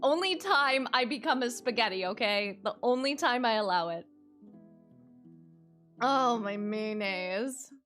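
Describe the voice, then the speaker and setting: A high-pitched woman streamer talks to her chat in an excitable, bubbly way, swapping swears for silly food-based exclamations. She speaks at an unhurried pace over faint game music. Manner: excitable, cutesy minced oaths.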